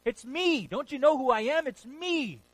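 A man voicing Jesus as a calm teacher, speaking low and intimately. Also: normal speed, no echo, lightly acted. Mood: urgent.

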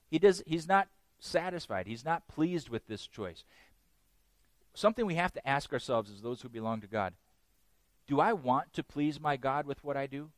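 A male pastor delivering a lively sermon, swinging between hushed reflection and loud, high, acted-out quotes. His voice sits a little high for a man. The sound is dry and close, with almost no room. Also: dry recording. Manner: animated, acts out quotes with big pitch jumps and laughs.

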